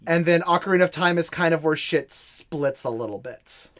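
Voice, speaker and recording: A man's voice: fairly high pitch, moderate pace, fairly bright tone. A man co-hosting a casual podcast, joking and swearing with incredulous reactions. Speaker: podcast co-host.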